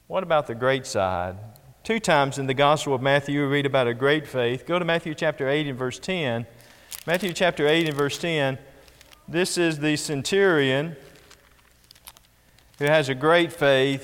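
A man delivers a sermon, reading verses aloud and leaning hard on the words he wants to stress. His voice sits somewhat high for a man. A long reverb trails after each phrase, as in a large hall. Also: clean tone. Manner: Bible-reading, rising with emphasis on key phrases. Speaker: preacher.

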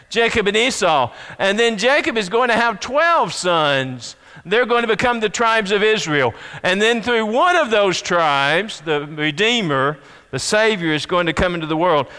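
A man delivers an earnest sermon, reading passages of scripture and then explaining them. His voice sits high and sounds bright and crisp. Long reverb trails behind his words, as if the sermon were recorded in a large hall. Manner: earnest expository preaching, reading scripture aloud. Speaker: preacher.

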